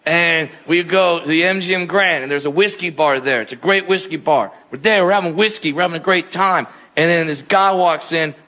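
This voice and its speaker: A man doing stand-up, telling a story with animation and sometimes shouting at the crowd. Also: fairly high pitch, a little fast, hardly any pauses. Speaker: stand-up comedian.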